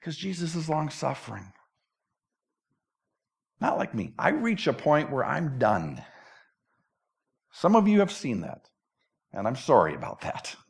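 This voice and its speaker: A man's voice: medium pitch, wildly swooping pitch, measured pace, creaky, long pauses. A man preaching a sermon in a conversational, emphatic way, often repeating words as he restarts. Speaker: pastor.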